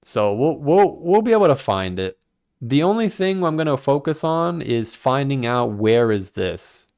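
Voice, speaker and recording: A man hosting a crypto livestream, talking casually in a rambling, animated way, swearing and joking at his own expense. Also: medium pitch, normal speed, clear, resonant tone. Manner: rambling, animated, self-mocking, swears freely.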